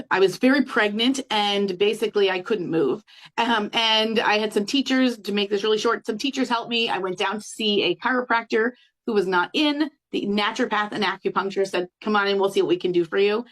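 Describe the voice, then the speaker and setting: A woman's voice: medium pitch, normal speed, a bit bright, rough recording. A woman in her thirties, a school teacher and busy mom, telling her personal story in a chatty way. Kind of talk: personal testimonial.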